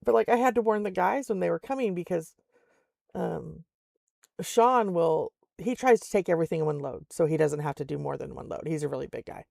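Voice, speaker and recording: A woman's voice: fairly low pitch, a little fast, gravelly, darkish tone, no room sound, studio quality. An older woman telling stories in a casual chat while streaming a game, laughing often and acting out the voices of other people. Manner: chatty storyteller, laughs often, acts out voices. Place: home in Alaska.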